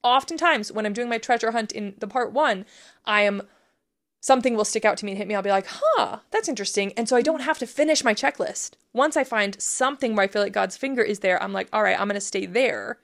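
A woman's voice: a little high, fast. A woman co-hosting a casual faith podcast, explaining step by step in an earnest, chatty way full of "like"s. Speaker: podcast co-host teaching prayer practice.

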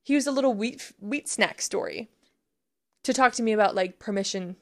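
A woman talks through a prayer method on a faith podcast, earnest and chatty, with a middle-pitched voice. She lays things out step by step, dropping casual "like"s as she goes. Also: normal speed, darkish tone. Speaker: podcast co-host teaching prayer practice.

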